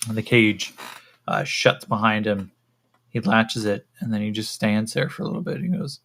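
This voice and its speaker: A man narrating a solo tabletop role-playing game as game master, in a relaxed, rambling way with many fillers. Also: on the low side, normal speed, vocal fry.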